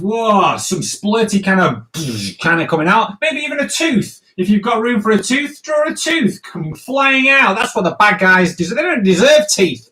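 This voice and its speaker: A man's voice: high voice, bright, forceful tone. A man giving a live comic drawing lesson, playful and jokey, talking straight to the viewers as he draws. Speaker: comics teacher.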